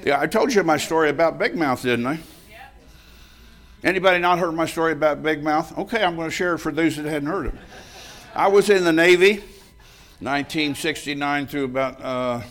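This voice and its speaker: A man's voice: on the high side, brisk, fairly bright tone. Folksy, emphatic older man preaching. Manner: folksy, emphatic, laughs often while telling stories. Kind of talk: sermon with personal storytelling.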